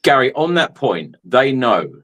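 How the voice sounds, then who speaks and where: A man hosting a podcast, putting measured, pointed questions to his guest. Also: mid-range voice, big pitch swings, fairly bright tone. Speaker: podcast host. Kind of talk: podcast chat.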